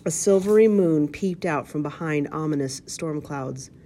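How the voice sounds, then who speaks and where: Low-pitched lady reading a kids' storybook out loud, steady, trips on words now and then. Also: unhurried, slight background noise. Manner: steady, with occasional slips and restarts. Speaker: reader. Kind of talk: reading a children's storybook aloud.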